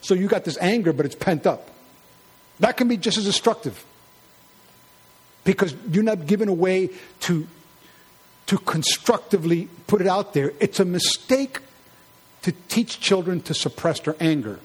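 A man preaching a sermon in an animated, conversational way, acting out quarrels in high mocking voices. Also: normal speed, pauses often, husky.

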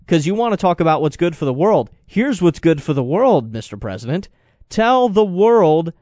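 A male talk radio host delivers heated commentary in a fairly high, animated voice that swings widely in pitch. He climbs into indignant outbursts while taking calls. The studio sound is dry and close. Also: no room sound. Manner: impassioned, rising to indignant outbursts.

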